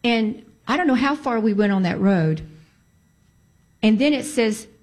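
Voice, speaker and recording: A woman casually telling a personal story, animated and emphatic, repeating key points and breaking into prayerful exclamations. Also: a little high, a little slow. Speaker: storyteller sharing a personal testimony.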